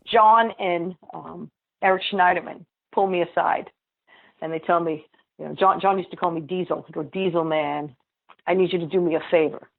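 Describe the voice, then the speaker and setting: A woman state senator telling a story in an interview, blunt and lively, acting out the dialogue and laughing often. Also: lowish voice, moderate pace, vocal fry. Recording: tinny phone-like line.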